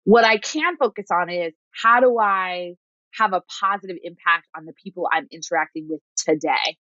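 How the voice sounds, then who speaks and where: A woman hosting a podcast coaching session, speaking calmly and reflectively and often checking in with "right?". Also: lowish voice, moderate pace, dry recording, lo-fi sound. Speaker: host and coach.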